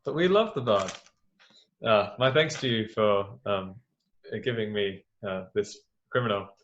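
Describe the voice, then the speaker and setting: A man's voice: on the low side, measured pace, a bit bright. A man voicing a dutiful town guard captain who speaks formally but fumbles his words. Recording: dull lo-fi sound.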